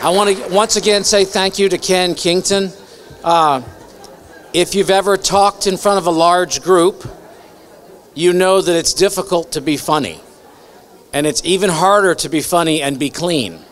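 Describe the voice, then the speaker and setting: A man's voice: sits high, moderate pace, a bit bright, some chatter behind. Earnest man giving closing thanks. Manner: earnest, grateful. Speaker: event host. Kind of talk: closing remarks. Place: banquet hall luncheon.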